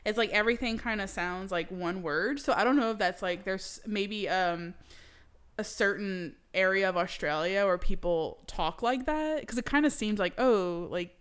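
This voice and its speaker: A woman's voice: medium pitch, normal speed, clean tone. An American woman co-hosting a podcast, chatting casually and laughing often as she talks about films and TV. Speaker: podcast co-host. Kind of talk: casual film discussion.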